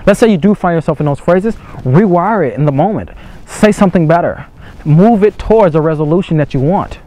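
A man's voice: on the high side, darkish tone. A young man coaching other men in an earnest, repetitive motivational monologue, swearing casually as he talks. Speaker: dating coach.

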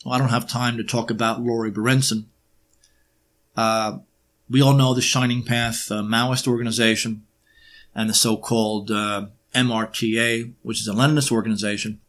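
A man presenting an unscripted history monologue, emphatic and sarcastic, often pausing on uh and um while he builds his points. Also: mid-range voice, level tone, a bit bright. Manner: emphatic, with sarcastic rhetorical questions; frequent hesitations with uh and um.

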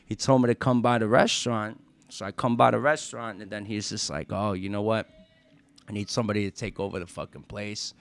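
A man's voice: lowish voice, steady tone, a little fast, creaky. A man, a restaurant owner telling stories on a podcast in casual, profane chat and acting out quotes. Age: 30s.

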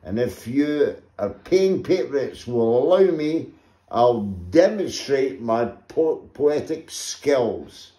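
Brief: man voicing a boastful Scottish poet, mellow, unhurried, declaiming. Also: mid-range voice, lively intonation. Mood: grandiose. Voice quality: grand and declaiming. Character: pompous self-important male poet. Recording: echoey room.

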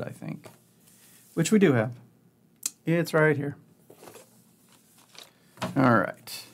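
A man's voice: mid-range voice, gravelly, slight background noise. A man hosting a board game channel, giving casual, upbeat unboxing commentary and thinking aloud as he goes.

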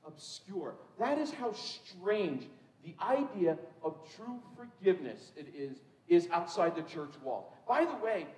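Animated preacher man in a roomy hall. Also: high-pitched. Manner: animated storytelling, acts out quotes, repeats words when thinking. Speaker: pastor. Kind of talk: sermon. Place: church sanctuary.

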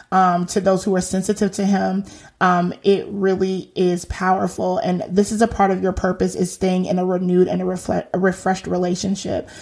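A woman's voice: mid-range voice, a little mellow. A woman in her thirties hosting a faith podcast, talking casually, earnest and exhorting, with slangy asides.

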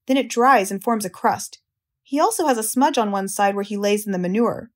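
A woman's voice: mid-range voice, a little fast, close to an everyday voice. A woman doing a bossy farm wife. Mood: firm. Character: bossy farm wife, middle-aged, determined.

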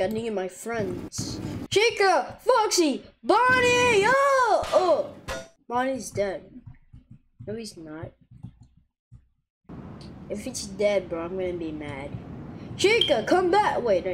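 A woman giving live gameplay commentary, excitable, with frequent loud outbursts and groans. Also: mid-range voice, background noise.

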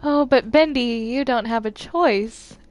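A woman's voice: high-pitched, measured pace, dry recording. A woman voicing a sly, teasing female cartoon angel villain who drawls mock-sweet lines and calls others darling. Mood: coaxing. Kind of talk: Minecraft role-play voice acting.

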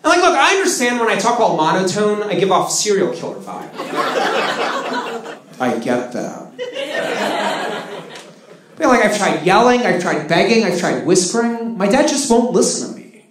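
A man in his thirties from Russia doing live stand-up comedy, lively with flat deadpan punchlines. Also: sits high, moderate pace, long pauses, background noise. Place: comedy stage before a live audience. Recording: roomy live venue with crowd laughter.

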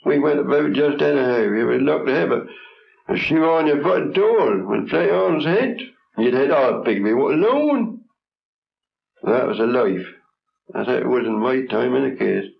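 A man's voice: mid-range voice, very animated, normal speed, creaky. Old country fella in his 70s, blunt short phrases, muffled old film sound. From England. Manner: plain-spoken, blunt, in short broken phrases. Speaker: traditional folk singer. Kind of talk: reminiscing in an interview.

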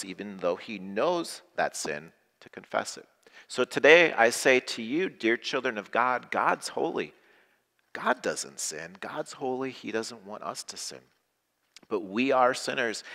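A man's voice: lowish voice, a bit bright. A man preaching as a pastor in a simple worship service, speaking in plain words and leading the congregation in call-and-response lines. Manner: slow, simple phrasing with call-and-response prompts. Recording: echoey hall with long reverb.

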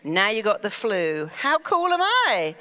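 A woman's voice: mid-range voice, wildly swooping pitch, unhurried, sharp tone, full character voice. A woman on stage voicing the listener's own mind as an eager, literal helper, in a chatty, matter-of-fact way. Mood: pleased. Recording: long reverb of a large hall.

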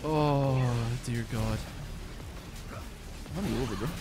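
A man streaming a video game in casual chat, excitable and sweary, breaking into shouts and laughter. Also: medium pitch, takes it slowly. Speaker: gaming streamer. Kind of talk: casual live-stream chat over gameplay. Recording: faint music behind.

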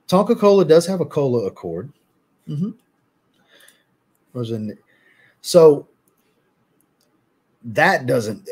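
A man hosting a casual livestream, reading viewer comments aloud and answering them in a relaxed way. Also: medium pitch, breathy edge. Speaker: fragrance livestream host.

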